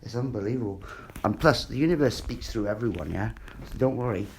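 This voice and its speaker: A man's voice: medium pitch, expressive, brisk, vocal fry, slight background noise. A man, ranting in a rambling, sweary monologue and repeating himself. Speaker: vlogger.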